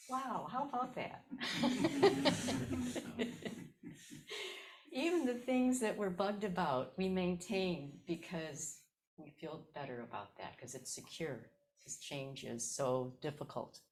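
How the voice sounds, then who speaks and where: Slow-spoken Zen teacher woman in her seventies. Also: lowish voice. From South Side of Chicago, USA. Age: 70s. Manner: unhurried personal storytelling, repeats key phrases. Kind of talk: dharma talk.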